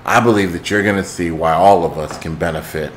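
A man hosting a motivational talk, telling a dramatic story that swings from hushed intensity to shouting. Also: low-pitched, a little fast, slight background noise. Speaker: host.

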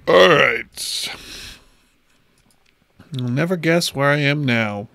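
A man in his thirties streams a space game from home into a desk mic, chatting casually with viewers as he plays. His voice is a little high, bright and forceful, slow with vocal fry and long pauses. The recording is dry.

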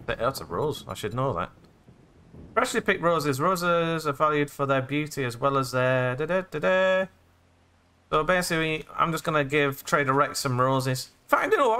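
With a bright, forceful, mid-range voice, an English man runs a let's play for his gaming channel. He recounts his own in-game moves in the past tense, joking around as he goes.

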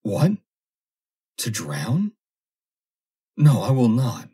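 Man doing a shrill panicked coward. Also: sing-song, measured pace, a little mellow, husky, heavily acted. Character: terrified cowardly grown man, pleading. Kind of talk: audiobook character voice.

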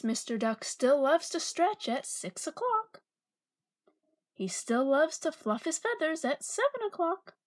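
A woman reads a picture book aloud in a playful, expressive way. Her voice is high and swings widely, and she takes her time, leaving room for her listeners. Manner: expressive, playful and unhurried, asking listeners questions. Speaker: storybook reader.

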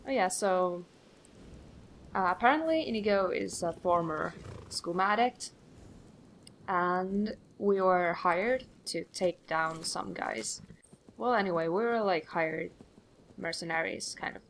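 A woman's voice: lowish voice, expressive, measured pace, pauses often, a little hiss or hum. A young woman hosting a game playthrough, chatty and rambling, acting out the voices she quotes. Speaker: let's play host. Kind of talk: casual gameplay commentary.

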